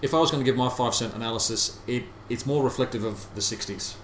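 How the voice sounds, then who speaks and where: Reflective man musing on a podcast. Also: medium pitch. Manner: reflective, musing, halting restarts. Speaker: podcast co-host. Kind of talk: casual discussion. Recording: roomy sound with faint background hiss.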